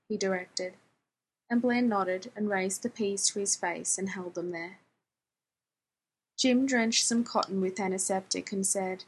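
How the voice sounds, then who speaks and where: A woman narrating a fan fiction story in a steady storytelling voice, voicing the characters. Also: mid-range voice, unhurried, slight background noise, rough recording. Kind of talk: reading fan fiction aloud.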